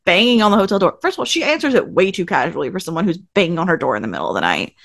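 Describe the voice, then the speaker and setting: A woman's voice: lowish voice, sing-song, racing, gravelly, fairly bright tone, no room sound, studio quality. A woman co-hosting a podcast, casually retelling TV episode scenes and acting out the characters' lines. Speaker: podcast co-host. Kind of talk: casual recap chat.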